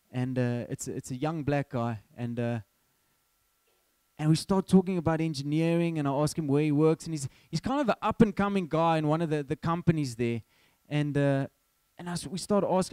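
Storytelling preacher. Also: male voice, on the high side, clean tone, no room sound. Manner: lively storytelling, acting out his own dialogue. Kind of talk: sermon.

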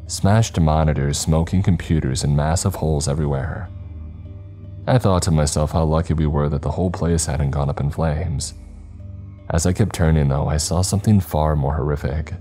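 A man reading a scripted horror story in a slow, measured way. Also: extremely low pitch, mellow, faint music behind.

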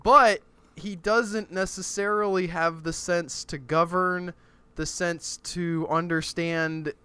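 Bright-voiced man with wry humor. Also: sits high, smooth. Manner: measured, wry, deadpan jokes. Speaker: guest. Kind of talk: casual chat.

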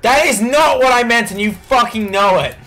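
A man playing a video game with a friend, swearing, teasing him and yelling at the screen in casual commentary. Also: very high voice, moderate pace. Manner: teasing his co-player. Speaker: let's play gamer.

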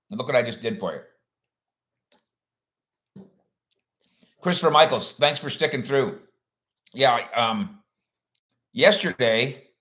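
A man's voice: medium pitch, fairly bright tone. A man hosting a sports livestream in a rambling, folksy way, chatting casually and reading out viewer comments.

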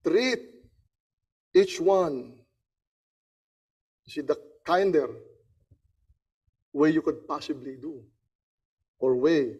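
A man's voice: on the high side, dark tone, breathy edge. A man preaching a sermon, telling a story and repeating key phrases for emphasis. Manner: storytelling, acts out the characters' voices.

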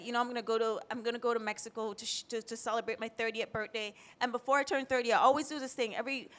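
Woman from Jamaica in her thirties, higher voice, candid and emotional, for a personal panel story. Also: fairly bright tone. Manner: candid, emotional, close to tears at times.

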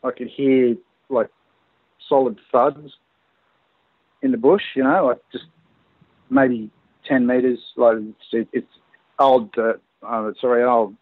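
Australian man, phone-in guest, halting storyteller full of fillers, thin phone-line sound, dry. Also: medium pitch, dry recording. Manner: hesitant, many fillers and restarts. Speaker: guest recounting an encounter. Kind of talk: casual phone interview storytelling. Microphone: phone call.

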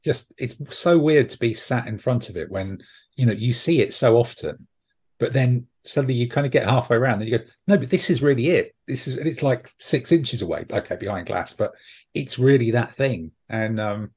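A man's voice: medium pitch, moderate pace, darkish tone, slightly rough. A man hosting a podcast, chatting casually and rambling with frequent ums and restarts. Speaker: podcast host. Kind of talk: casual chat.

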